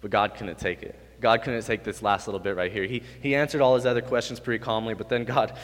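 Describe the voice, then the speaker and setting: Young guy preaching in a big echoey hall, lowish voice, gets loud and animated then drops quiet. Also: fast talker. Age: 20s. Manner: animated, swings from quiet to loud and high when acting out God's lines. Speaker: youth pastor. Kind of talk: sermon. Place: hall with an audience. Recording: reverberant hall.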